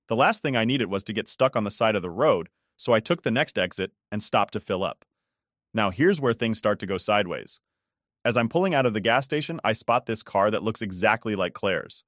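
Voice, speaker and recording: A man's voice: fairly low pitch, a bit bright, no echo, studio quality. A man in his thirties narrating a personal story in a casual, conversational way. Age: 30s.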